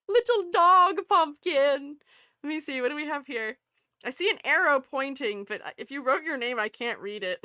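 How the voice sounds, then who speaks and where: Giggly, high-pitched bubbly woman streamer. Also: bright, forceful tone, no echo, studio quality. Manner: giggly, bubbly, often laughing; exclaims in delight. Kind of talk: casual live-stream chat with viewers.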